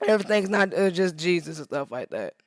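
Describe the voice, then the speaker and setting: A woman photographer livestreams while editing, talking casually in a rambling, emphatic way that drifts into preachy asides, and she sounds worn out. Her voice is on the low side with big pitch swings, brisk, with no echo.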